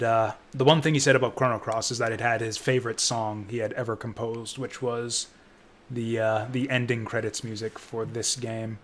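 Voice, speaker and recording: A man's voice: fairly low pitch, a bit bright, a little hiss or hum. A man streaming a game, reading its dialogue aloud in a dramatic way and drifting into casual, profane asides. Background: faint game music.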